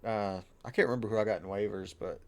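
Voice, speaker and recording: A man with a gravelly, fry-edged voice co-hosting a laid-back sports podcast over drinks. He talks loosely, swears freely and laughs often. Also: lowish voice, steady tone, fast, a little mellow. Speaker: podcast co-host.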